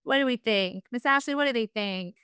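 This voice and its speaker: Upbeat woman teacher, bright voice. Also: a little high, a little fast, smooth, no echo, studio quality. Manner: upbeat, encouraging, uses "y'all". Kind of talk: virtual class lesson.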